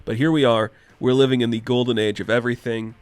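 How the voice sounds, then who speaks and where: A man's voice: mid-range voice, steady tone, quick pace, smooth, no room sound. A young man casually reviewing a comic book issue in an enthusiastic, chatty way, full of rhetorical asides.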